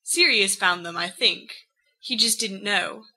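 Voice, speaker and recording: A woman's voice: medium pitch, unhurried, pushed and bright, breathy edge, full character voice, rough recording. A woman voicing a brash, cocky eighteen-year-old young man who tells his story in a boastful, rambling way. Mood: recounting.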